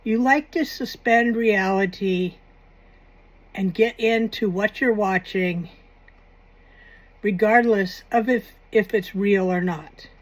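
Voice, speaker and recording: A woman's voice: mid-range voice, slow pace. A woman hosting a paranormal channel, talking in a casual, rambling commentary with wry, self-mocking asides.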